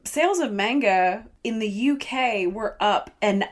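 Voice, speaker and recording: A woman's voice: mid-range voice, a little slow. A woman co-hosting a podcast in casual chat, laughing often and talking with fillers and restarts. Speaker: podcast co-host.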